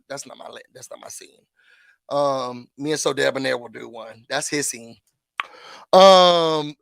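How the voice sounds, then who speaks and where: A man hosting a casual reality-show recap, chatty and animated, laughing and throwing in dramatic asides. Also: fairly high pitch, no echo. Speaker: YouTube host.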